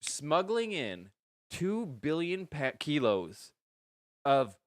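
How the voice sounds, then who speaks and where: A man with a Canadian accent, co-hosting a stream and spinning an absurd, stop-start tall tale in a deadpan way. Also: on the high side, slow pace, no room sound, clean studio sound. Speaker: co-host. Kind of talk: absurd improvised storytelling, casual chat.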